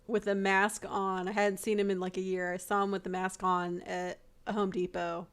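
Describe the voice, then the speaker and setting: A woman's voice: medium pitch, little pitch movement, normal speed, clean tone. A woman co-hosting a casual podcast, telling a teasing story about a friend. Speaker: podcast co-host. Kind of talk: casual chat.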